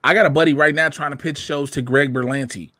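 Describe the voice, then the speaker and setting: A young adult man hosting a casual podcast chat, animated and profane, breaking into shouted mocking quotes. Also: a little high, quick pace, no echo. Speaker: podcast host.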